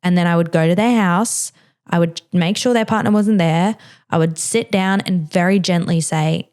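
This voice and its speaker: Woman podcast host, lower-pitched, candid and conversational, giving straight advice. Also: moderate pace, darkish tone, smooth. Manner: frank, chatty, heavy use of "like" and "you know". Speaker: mother. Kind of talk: casual advice chat.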